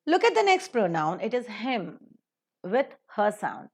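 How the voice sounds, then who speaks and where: Animated woman teaching phonetics. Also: medium pitch. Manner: slow, deliberate modelling of example sentences. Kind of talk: recorded lecture.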